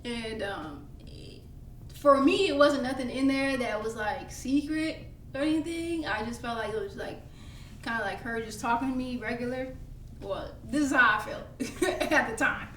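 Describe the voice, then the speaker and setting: A woman recounts a story in a casual podcast, measured and reflective, with frequent filler words. Her voice is on the higher side. She sits away from the mic in an echoey room with a faint hiss. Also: fairly bright tone. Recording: roomy, distant mic with faint noise.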